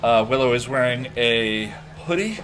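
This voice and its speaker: Animated man hosting a casual livestream. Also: mid-range voice, moderate pace, music in the background, rough recording. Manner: animated, rambling, laughs often. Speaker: podcast host reading chat.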